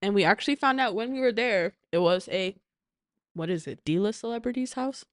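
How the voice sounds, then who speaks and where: A woman co-hosting a podcast in a studio, lively and expressive, giggling and saying "like" a lot. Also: medium pitch, brisk, no echo. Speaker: podcast co-host. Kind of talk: casual chat.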